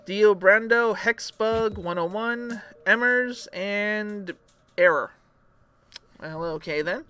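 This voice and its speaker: A woman streaming an online game talks slowly in a mid-range, fairly bright voice, keeping up a chatty running commentary and reacting aloud to the match. Game music plays behind her voice.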